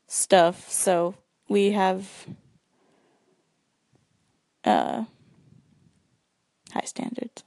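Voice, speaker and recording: A woman chatting casually with her sister, talking quickly and filling gaps with "like" and "you know". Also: on the low side, a little mellow, no echo, studio quality. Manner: chatty, fast, lots of fillers. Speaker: sibling in casual chat. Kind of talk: casual chat.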